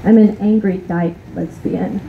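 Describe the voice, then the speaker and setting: A woman's voice: mid-range voice, steady tone, a little slow, gravelly. A woman from East Texas gives an impassioned, angry speech at an outdoor rally, hammering her points through repetition. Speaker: rally speaker. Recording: tinny, narrow, lo-fi sound with faint hiss.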